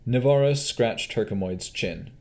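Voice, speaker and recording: A man narrating a fantasy audiobook with expressive storytelling. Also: medium pitch, unhurried. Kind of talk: scripted narration.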